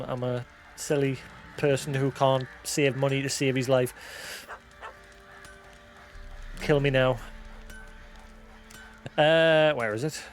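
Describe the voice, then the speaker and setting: A man who hosts a live stream, chatting casually, rambling and self-deprecating, thinking aloud with many restarts. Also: fairly high pitch. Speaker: livestream host.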